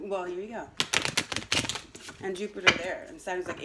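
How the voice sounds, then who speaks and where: A woman in a relaxed tarot reading video talks right at her audience, teasing and scolding them lightly. Her voice sits at a middle pitch, and she leans on easy fillers and quick laughs as she goes. It sounds like an informal reading, not a script. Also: heavy background noise. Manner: chatty, teasing, full of "you know" fillers, laughs at herself. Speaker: tarot and astrology reader. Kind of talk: casual direct-to-camera energy reading.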